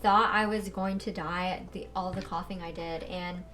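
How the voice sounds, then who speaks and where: A young woman in her twenties, co-hosting a podcast, telling a story in casual chat, animated and full of "like" and swearing. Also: lowish voice, moderate pace, distant mic. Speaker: podcast co-host.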